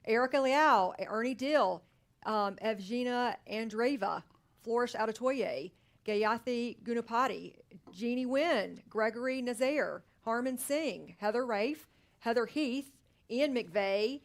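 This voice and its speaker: Upbeat woman co-hosting, slightly high voice. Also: takes it slowly. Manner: upbeat, cheering and laughing between names. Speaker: co-host of a live brokerage sales meeting. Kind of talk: casual live co-hosting, reading name lists. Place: company studio.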